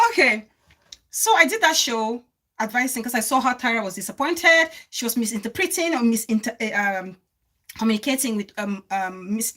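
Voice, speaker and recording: A woman's voice: fairly high pitch, bright, forceful tone. A woman hosting a live stream, speaking earnestly to her viewers and repeating phrases for emphasis. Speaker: livestream host.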